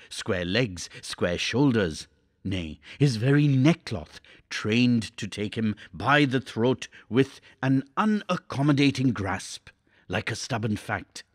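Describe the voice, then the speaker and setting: A man reading a classic novel aloud for a class, measured and expressive. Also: medium pitch, no room sound, clean studio sound. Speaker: teacher.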